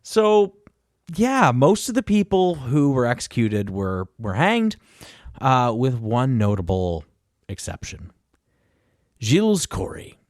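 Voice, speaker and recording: A man's voice: medium pitch, sing-song, slow pace, darkish tone, no room sound, clean studio sound. A man hosting a casual podcast chat, rambling through history and often chuckling as he corrects himself. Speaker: podcast host.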